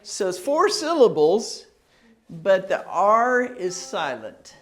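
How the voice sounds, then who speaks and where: Patient American woman teaching pronunciation, slow. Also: mid-range voice, sing-song. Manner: patient, repeats words slowly, laughs easily. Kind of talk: pronunciation lesson, casual explaining.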